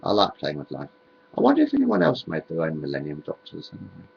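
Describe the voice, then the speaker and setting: Rambling gravelly man, lo-fi. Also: a bass voice, huge pitch swings, quick pace, a little hiss or hum. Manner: meandering, repeats himself, drifts between topics. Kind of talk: rambling home video monologue.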